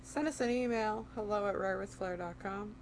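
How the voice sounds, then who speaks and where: A woman co-hosting a podcast in casual chat, playful and quick to laugh. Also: medium pitch, a little hiss or hum. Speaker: podcast co-host.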